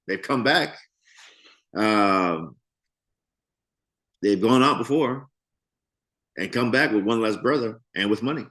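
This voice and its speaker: A man's voice: on the low side, a bit bright. A man teaching a Bible study, reading notes and commenting in a conversational way with playful asides.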